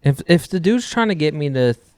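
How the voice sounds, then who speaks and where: A man's voice: on the high side, lively intonation, fairly quick, a little mellow, clear, resonant tone. A man co-hosting a podcast, arguing his point insistently in casual chat and restarting his sentences. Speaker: podcast co-host.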